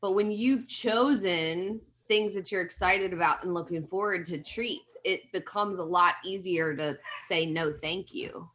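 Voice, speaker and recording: A woman's voice: lowish voice, a little slow, few pauses, a bit bright. A woman leading a group fitness coaching call over video chat, talking in an encouraging, conversational way.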